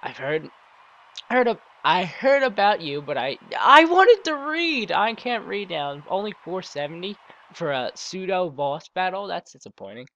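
A man's voice: high-pitched, big pitch swings, unhurried, fairly bright tone, dull audio. A man with a sore throat giving chatty, rambling let's play commentary, restarting sentences and poking fun at himself.

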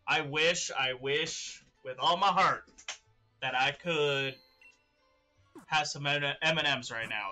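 A young man streaming a game, chatting excitedly with his viewers and laughing often. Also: a little high. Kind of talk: live-streamed gameplay chat.

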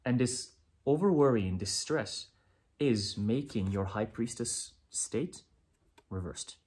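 A man's voice: medium pitch, darkish tone, husky. A man giving a pick-a-pile tarot reading, speaking earnestly and directly to the listener, often repeating himself. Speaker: tarot reader.

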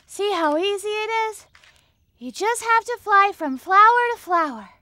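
A woman's voice: very high voice, lively intonation, moderate pace, bright, forceful tone, no room sound, clean studio sound, heavily acted. A woman voicing a caring, bossy little cartoon friend who talks in an urgent, warning way. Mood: urging. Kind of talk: children's cartoon voice acting.

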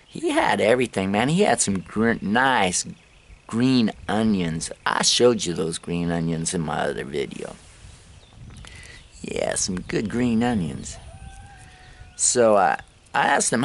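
A man's voice: lowish voice, sing-song, slow, gravelly, long pauses. A man vlogging on his travels, telling loose, rambling stories to the camera with plenty of swearing and laughter at his own tales. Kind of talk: casual storytelling to camera.

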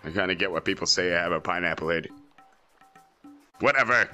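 A man's voice: sits low, fairly quick, bright, forceful tone, soft background music. A man voicing a cocky, crude male android villain in a fan parody, boastful and joking.

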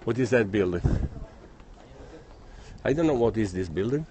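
A man's voice: fairly low pitch, lively intonation, moderate pace, warm tone, a little hiss or hum. Breathless man livestreaming outdoors. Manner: reads viewer comments aloud and thanks them. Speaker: livestream host. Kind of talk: casual livestream chat while walking. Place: outdoors on city streets.

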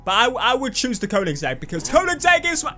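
A young man with a high voice chatters eagerly over his gameplay, joking and talking back at the screen. Faint game music plays underneath. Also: quick pace. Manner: excitable, chatty, jokey, talks back to the game. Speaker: gaming video host. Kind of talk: let's play commentary.

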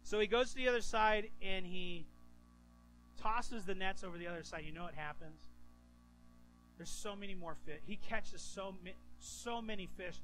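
A man preaching a sermon as pastor, animated and acting out the people in his stories. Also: high voice, moderate pace, faint music behind, rough recording. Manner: animated, acts out quoted voices.

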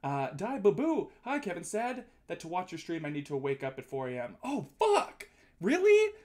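A man's voice: a little high, expressive, fairly quick, a little mellow. A man streaming live, chatting casually and playfully with his viewers, reading their messages aloud and joking back.

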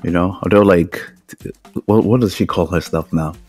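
A man's voice: deep voice, normal speed, darkish tone. A man co-hosting a music podcast in casual chat, giving blunt, emphatic opinions with lots of "yo" and "man". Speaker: podcast co-host.

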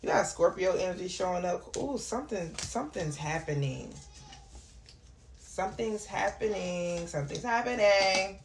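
A woman doing a casual tarot reading, chatty and prone to excited exclamations. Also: fairly low pitch, normal speed. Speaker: tarot reader. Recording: echoey room with clear background noise.

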